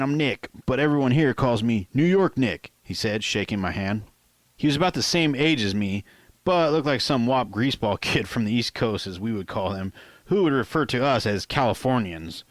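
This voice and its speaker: A man reading his own novel aloud in first person, in a plain, unhurried way with occasional asides to the listener. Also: fairly low pitch, fairly bright tone, no room sound. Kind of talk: first-person audiobook narration.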